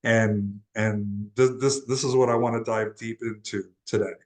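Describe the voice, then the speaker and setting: A man's voice: fairly low pitch, fairly even intonation, unhurried, poor audio. A young man from Texas, a guest in an interview, telling a personal story in an earnest, casual way with frequent restarts. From Laredo, Texas, USA. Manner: earnest, often restarts and repeats words. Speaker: interview guest, transformational guide.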